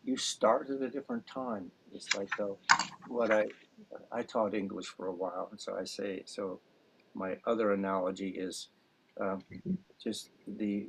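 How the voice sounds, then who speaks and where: A man's voice: lowish voice, fairly even intonation, measured pace, creaky, husky, poor audio. A man teaching a music class over a video call, rambling through homely analogies. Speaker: dulcimer teacher. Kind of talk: casual class introduction.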